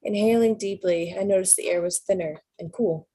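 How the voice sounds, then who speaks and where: A woman's voice: medium pitch, fairly quick, warm tone, slightly rough, low-quality recording. A woman casually reading a novel aloud in first person, stumbling over words now and then and correcting herself as she goes. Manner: unpolished reading with slips and self-corrections. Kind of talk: casual read-aloud narration.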